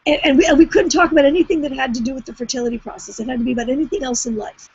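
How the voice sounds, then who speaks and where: A woman's voice: high-pitched, rapid-fire, slightly rough. A woman, talking casually in a group call, rambling and restarting often. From Canada. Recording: dull lo-fi sound.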